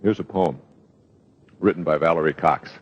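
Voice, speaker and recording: Low-voiced man telling stories. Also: normal speed, breathy edge, dull audio. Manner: storytelling, rambling with fillers. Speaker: self-help speaker. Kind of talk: live motivational talk.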